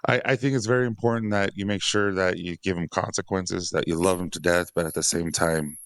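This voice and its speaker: Man, very deep voice, dry close sound, chatty, rambling, laughs a lot, casual podcast talk. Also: steady tone, brisk, fairly bright tone, no echo. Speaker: father of six on a dads podcast. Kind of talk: casual conversation.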